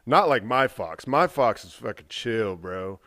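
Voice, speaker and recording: A man's voice: on the low side, a little slow, no room sound, clean studio sound. A young adult man casually telling a long, profane story on a podcast, acting out quoted dialogue. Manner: rambling, profane, animated retelling with quoted dialogue. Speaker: podcast co-host.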